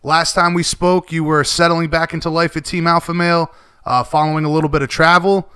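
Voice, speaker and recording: A man's voice: on the high side, flat delivery, brisk, sharp tone, clean tone. A man hosting a sports radio show, chatting easily with his guests and laughing along.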